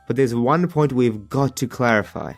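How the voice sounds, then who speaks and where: A man with an Australian accent narrates a humorous animated story. His voice sits at an ordinary middle pitch, and his delivery is expressive and jokey, breaking into exasperated rants. Quiet music plays behind him. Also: normal speed, vocal fry.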